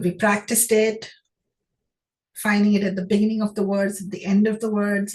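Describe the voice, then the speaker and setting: A woman teaching children phonics, patient and encouraging, sounding out words slowly and praising often. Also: mid-range voice. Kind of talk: phonics lesson to young children.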